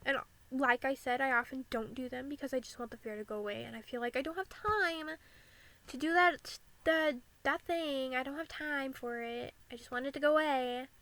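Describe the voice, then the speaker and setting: High-voiced candid young woman. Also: normal speed, a bit bright, poor audio. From United States. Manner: candid and earnest, frequent "like" fillers. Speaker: vlogger. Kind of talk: personal talk about living with anxiety.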